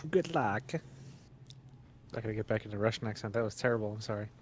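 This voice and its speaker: A man's voice: lowish voice, completely flat delivery, a little fast, very noisy. A man playing in an online tabletop game, rambling and apologetic, on a computer mic over a voice call. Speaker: player. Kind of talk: casual tabletop game chat.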